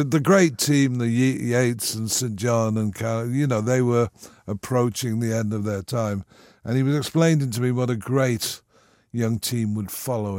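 A man's voice: mid-range voice, darkish tone, no echo, studio quality. A man in his sixties, a radio guest telling a long story with frequent restarts and asides. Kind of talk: anecdotal storytelling.

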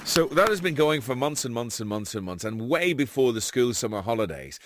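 A man hosting a breakfast radio show, telling jokes with a lively, swooping delivery that rises and falls a lot. His voice sits at an ordinary middle pitch. It sounds dry and close, with no room around it. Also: brisk, dry recording. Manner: lively storyteller, animated delivery. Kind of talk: joke-telling and radio banter.

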